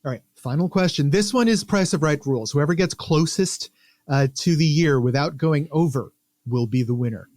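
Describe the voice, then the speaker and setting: A man's voice: fairly high pitch, normal speed, a little mellow, no echo. A man co-hosting a casual podcast, playfully reading out trivia questions. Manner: playful, reads quiz questions aloud. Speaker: podcast co-host running a trivia quiz. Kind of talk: casual chat, quiz hosting.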